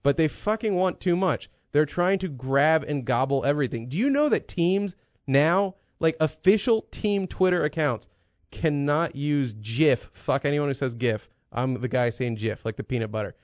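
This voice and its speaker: A man's voice: on the high side, normal speed, no room sound, lo-fi sound. A man co-hosting a casual podcast chat, rambling and profane, telling stories with lots of energy. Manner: rambling, profane, animated storytelling. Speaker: podcast co-host.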